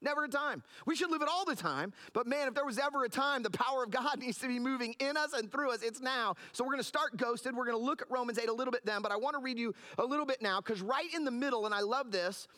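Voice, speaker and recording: A man's voice: very high voice, quick pace, few pauses, sharp tone. A middle-aged man, a pastor, preaching a sermon in an earnest, storytelling way with frequent restarts.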